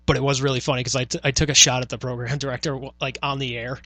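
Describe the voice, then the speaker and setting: Podcast host, New man, quick and bright-voiced, swears freely as he tells stories, dry close mic. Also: medium pitch, little pitch movement, no echo. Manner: profane storytelling, acts out quoted exchanges. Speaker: podcast host, former radio worker. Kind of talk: casual chat.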